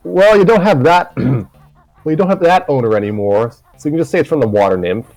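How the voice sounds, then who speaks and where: A man voicing a quiet, shy male Dalmatian puppy who speaks hesitantly. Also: on the high side, animated, a little fast, soft background music, pitched above the performer's own voice, poor audio. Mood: reassuring.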